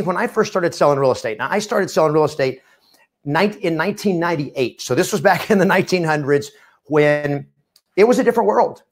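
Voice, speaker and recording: Emphatic middle-aged man coaching agents. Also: fairly high pitch. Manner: emphatic, repetitive, punchy delivery. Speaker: real estate coach. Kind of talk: motivational webcast presentation. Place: studio.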